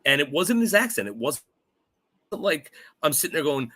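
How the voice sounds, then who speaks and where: A man co-hosting a casual movie review podcast, talking in an animated way, swearing and acting out quotes in funny voices. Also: a little high, normal speed. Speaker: podcast co-host.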